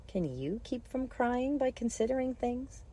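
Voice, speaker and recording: A woman voicing a polite, curious young girl who asks earnest questions slowly, reading a storybook. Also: fairly high pitch, animated, mellow, breathy edge, pitched above the performer's own voice.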